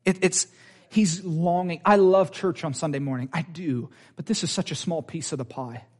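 A man preaching a sermon, animated and personal, often laughing and restarting his sentences. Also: fairly high pitch, moderate pace.

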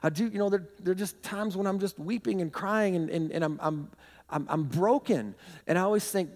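A man preaching a sermon as pastor, telling animated stories with bursts of shouting and laughter. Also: sits high, brisk. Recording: long hall reverb.

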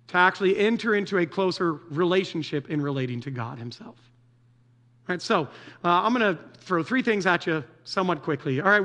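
Man, high voice, preacher, casual sermon, joking, keeps asking "right?". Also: bright, forceful tone. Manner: casual, joking, asks the audience "right?" often. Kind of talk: conversational sermon.

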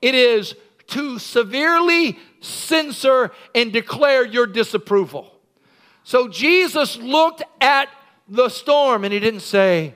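A man preaching to his congregation in a bright, ringing voice that sits unusually high for a man. He tells the story with animated energy, acting out scenes and breaking into shouts. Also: slow, smooth. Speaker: pastor. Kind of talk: sermon. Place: church.

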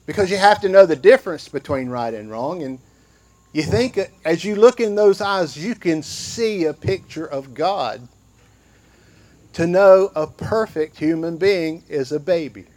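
Older man preaching slowly, high voice, folksy sermon style. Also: darkish tone. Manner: folksy, conversational preaching with acted-out quotes; slow and drawn out. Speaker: pastor.

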